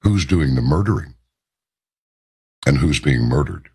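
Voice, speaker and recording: A man hosting a talk radio show in an emphatic monologue, leaning hard on the words he stresses. His voice sits very low, with a gravelly fry and a husky, raspy edge. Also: lively intonation, unhurried, darkish tone. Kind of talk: on-air opinion monologue.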